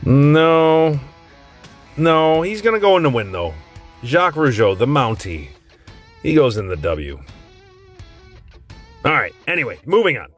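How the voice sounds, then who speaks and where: Male host, middle pitch, foul-mouthed and rambling, delivering casual commentary over faint guitar. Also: very animated, normal speed, long pauses, fairly bright tone. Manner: blunt, rambling, swears constantly. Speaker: tier list host.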